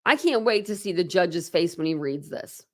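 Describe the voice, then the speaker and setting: A woman's voice: on the low side, animated, normal speed. A woman YouTuber reading legal documents aloud and answering them with indignant, exasperated remarks. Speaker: true crime YouTuber. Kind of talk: reading court documents aloud with heated commentary.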